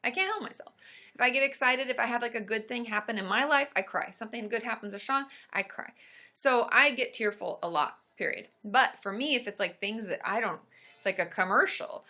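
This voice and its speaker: Bright, chatty woman therapist live. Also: on the high side. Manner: chatty and upbeat, with many fillers and quick asides. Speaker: therapist hosting a live stream. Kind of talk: casual live-stream chat answering viewer questions.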